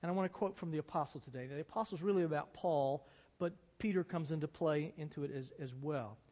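An earnest male preacher delivers a sermon with a slightly high voice. A long reverb from a church hall trails behind every phrase. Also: fast, mellow. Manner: earnest, rising to dramatic emphasis when reading. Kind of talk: sermon with dramatic reading.

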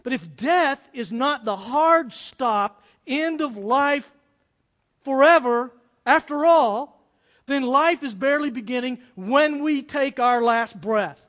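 A man preaching a sermon as pastor, earnest, swinging from loud pleas to hushed, quiet passages. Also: very high-pitched, lively intonation, slow. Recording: long hall reverb.

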